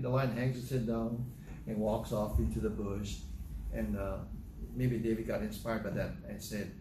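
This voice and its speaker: In an echoey room with a noisy background, a preacher teaches through a psalm, reading scripture aloud and retelling it in plain, conversational storytelling. His voice sits fairly low, with little pitch movement and a moderate pace.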